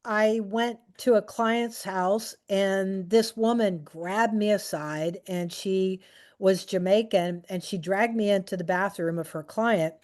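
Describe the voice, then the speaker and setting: A middle-aged speaker on aging and technology talks to a group at a slow pace, her mid-range voice darkish in tone. She tells anecdotes in a relaxed, chatty way, with fillers and frequent restarts.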